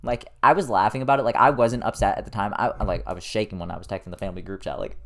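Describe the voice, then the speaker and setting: A man's voice: fairly low pitch, fairly even intonation, rapid-fire, hardly any pauses, a bit bright. A young man rambling alone on his podcast, loose and profane with lots of filler words. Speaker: podcast host. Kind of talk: casual solo rambling.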